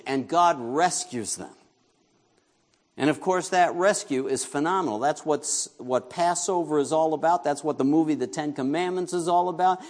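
Conversational male pastor preaching a sermon. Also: fairly high pitch. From New York. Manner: conversational, asks the congregation questions and jokes.

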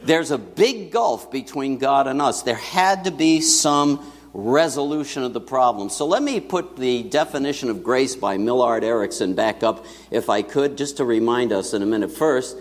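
A male pastor delivering a sermon to his congregation in a lively, chatty style, often turning to the crowd with asides. His voice sits at a middle pitch and trails off into the long echo of a church hall. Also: normal speed.

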